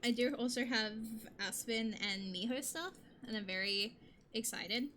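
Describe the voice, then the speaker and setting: A bubbly young woman chats to her stream in a bright, crisp voice pitched a touch high. She rambles from one thing to the next and laughs easily. Faint noise sits under the recording. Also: unhurried. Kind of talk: casual chat with stream chat.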